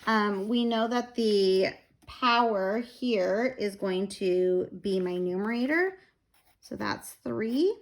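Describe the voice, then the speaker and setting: A woman, tired and a little out of breath, slowly explaining a math lesson step by step with fillers. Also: mid-range voice. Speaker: math teacher.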